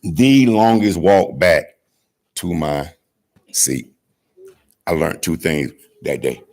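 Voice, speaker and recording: A man from Georgia, giving a graduation speech and telling an animated story, calling out to the audience to join in. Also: low-pitched, slow, creaky. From Georgia, USA. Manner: call-and-response with the audience, dramatic swings from hushed to shouting. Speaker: graduation guest speaker.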